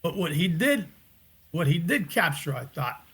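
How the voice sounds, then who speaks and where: Reflective man, slightly high voice. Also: sing-song, unhurried, pushed and bright, breathy edge. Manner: reflective, searching for words, restarts. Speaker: actor and director, guest. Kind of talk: casual interview talk.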